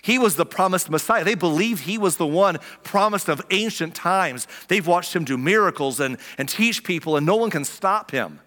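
A man preaching a sermon in a relaxed, conversational way, acting out little quoted reactions as he explains a passage. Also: sits high, normal speed, few pauses. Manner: conversational, animated, acts out quotes. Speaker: pastor. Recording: long reverb of a hall.

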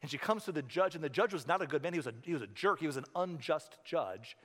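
A man's voice: a little high, quick pace, breathy edge. Man preaching in an echoey church hall. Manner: conversational, animated storytelling with asides. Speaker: pastor. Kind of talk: sermon. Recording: reverberant hall.

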